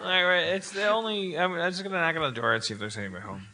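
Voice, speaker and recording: A slightly drunk man playing a tabletop game on stage, talking in halting, rambling, apologetic bursts. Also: high-pitched, sing-song. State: a little drunk. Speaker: player. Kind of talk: live tabletop game play. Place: live stage before an audience. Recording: live show with background noise.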